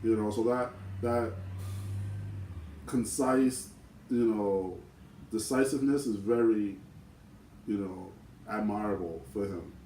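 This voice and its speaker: A man in casual chat, talking reflectively and pausing to search for words. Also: lowish voice, mellow, reverberant, recorded from a distance, slight background noise, low-quality recording. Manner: reflective, searching for words with many "you know"s. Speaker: vlogger twin.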